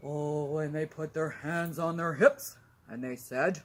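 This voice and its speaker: A woman telling a children's story in an animated way, gasping and asking the listeners questions, with counting and songs. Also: low voice, slow. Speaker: early-years educator. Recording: background hiss.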